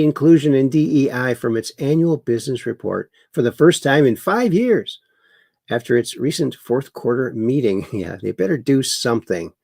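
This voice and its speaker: A man's voice: mid-range voice, creaky, warm tone, no echo, clean studio sound. A man hosting a casual livestream, reading viewer comments aloud and mocking the news with chuckles. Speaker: livestream host.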